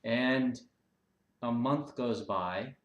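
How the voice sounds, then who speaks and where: A male vlogger with an average-pitched voice who tells a parable in a loose, rambling way. He often pauses and restarts, and his voice echoes in a roomy space. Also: dull audio. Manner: rambling, with many fillers and restarts. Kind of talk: casual storytelling monologue. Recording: roomy echo.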